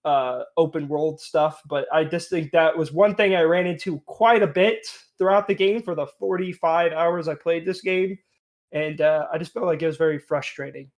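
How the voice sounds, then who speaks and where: A man's voice: fairly high pitch, moderate pace. A young man co-hosting a casual game review podcast, chatty and rambling, laughing often. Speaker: podcast co-host.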